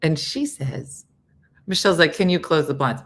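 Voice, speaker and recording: A woman's voice: sits low, moderate pace. A woman hosting a casual morning show, telling a story with lots of acted-out quotes, laughter and sudden whispers. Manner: animated storyteller, acts out quotes, laughs often, drops to whispers.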